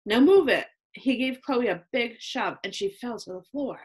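A woman reading a children's chapter book aloud in a slow, expressive storytelling manner. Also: a little high, breathy edge.

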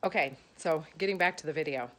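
A woman's voice: sits low, fast, a bit bright. A woman giving an emotional testimonial about her coach, gushing and rambling with many fillers. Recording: music playing under the voice.

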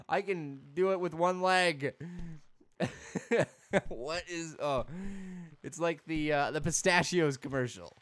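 Goofy, bright-voiced gamer guy. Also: on the high side, extremely slow. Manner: goofy, excitable, laughs often. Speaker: gaming video host. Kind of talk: let's play commentary.

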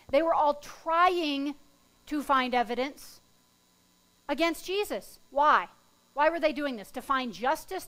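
A woman pastor preaching a sermon, telling personal stories in a lively, self-deprecating way before turning to scripture. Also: high voice. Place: church sanctuary.

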